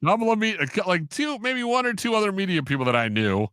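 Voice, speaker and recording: A man, a sports broadcaster on a podcast, telling stories in an animated way and acting out the quotes. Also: high voice, fast talker, clear, resonant tone, dry recording, clean studio sound. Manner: animated storyteller, acts out quotes, laughs often. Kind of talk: casual storytelling in an interview.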